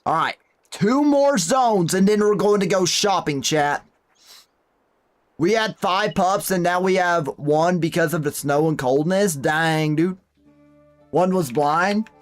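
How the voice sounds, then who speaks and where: A young man streams a hunting game, chatting casually and reading viewer messages out loud with folksy exclamations. His voice is high and unhurried, with soft music playing in the background.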